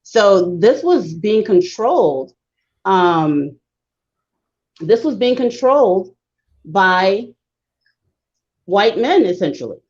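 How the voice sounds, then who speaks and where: Woman, emphatic, lecturing tone, quick bursts of speech, slightly muffled lo-fi sound. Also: medium pitch, animated, a little mellow. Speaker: guest historian. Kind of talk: discussion on a talk show.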